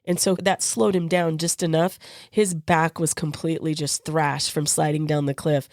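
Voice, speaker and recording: Low-voiced woman telling a story. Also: normal speed, dry recording, clean studio sound. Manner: lively storyteller who acts out the quoted voices of others. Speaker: podcast co-host. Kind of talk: personal storytelling in casual chat.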